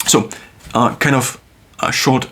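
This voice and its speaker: A man thinking aloud in a reflective solo monologue, musing with pauses and restarts, recorded on a phone. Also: medium pitch, fairly even intonation, pushed and bright. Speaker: video creator.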